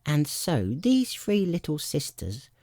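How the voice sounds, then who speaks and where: A man voicing a sleepy, sulky little male dormouse in a storybook, with a hoarse, feeble, drowsy voice. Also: a little high, wildly swooping pitch, a little mellow, no room sound, studio quality, voice pushed up, heavily acted. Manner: slow, drowsy, indignant.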